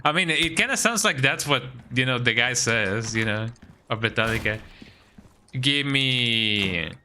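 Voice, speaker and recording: Bright-voiced man streaming games. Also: mid-range voice, moderate pace, a little hiss or hum. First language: Spanish. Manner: rambling and playful, frequent tag "eh?", breaks into silly sing-song bits. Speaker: gaming streamer. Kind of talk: casual live-stream chat while playing.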